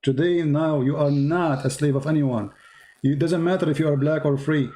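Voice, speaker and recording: A man's voice: fairly high pitch, fairly even intonation, moderate pace, mellow. A man hosting a live stream, preaching to a caller in a fervent, emphatic way and repeating his phrases. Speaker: host.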